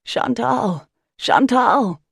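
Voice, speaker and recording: A woman's voice: sits low, unhurried, creaky, breathy edge, dry recording, clean studio sound, heavily acted. A woman reading an audiobook, voicing an impulsive, lovestruck man of twenty-six who blurts things out earnestly. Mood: shouting. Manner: earnest and blurting, shouts when excited.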